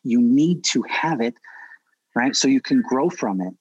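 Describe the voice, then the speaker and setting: A man's voice: medium pitch, lively intonation, unhurried, breathy edge, dry recording, muffled recording. A man from Canada, a dog trainer and guest, telling his story earnestly with emphatic restarts. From Prince Edward Island, Canada. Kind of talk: casual interview talk.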